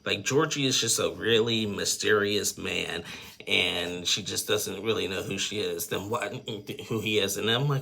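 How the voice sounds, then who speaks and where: A low-pitched man with a gravelly, husky edge talks through a reality show recap. He rambles and piles on fillers, tossing in blunt opinions and chuckles. His tone has a bright, sharp bite. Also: moderate pace. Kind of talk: casual episode recap commentary.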